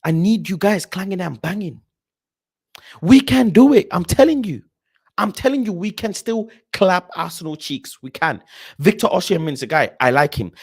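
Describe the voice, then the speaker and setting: A young man hosting a casual football live stream, talking passionately and swinging between loud rants and low, muttered asides while reading viewer messages. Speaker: football livestream host.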